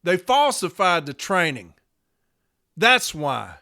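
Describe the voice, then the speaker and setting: A man's voice: high voice, big pitch swings, slow pace, sharp tone. A man in his fifties, a podcast host and letter carrier, delivering a furious, profane, confrontational rant. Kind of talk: angry rant.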